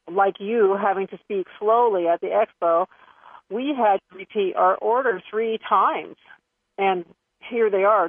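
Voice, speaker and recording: A woman's voice: medium pitch, breathy edge, no echo. Chatty woman on a dry phone line. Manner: chatty, hesitant, with soft laughs. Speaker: radio co-host. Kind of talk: casual talk-radio storytelling. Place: Los Angeles area, over the phone.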